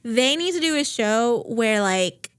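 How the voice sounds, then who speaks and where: A woman's voice: on the high side, a little slow, clean tone. A woman recapping a TV series on a podcast in casual, filler-heavy chat, swearing and acting out quotes. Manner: chatty, lots of fillers, swears, animated quoting. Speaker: podcast co-host.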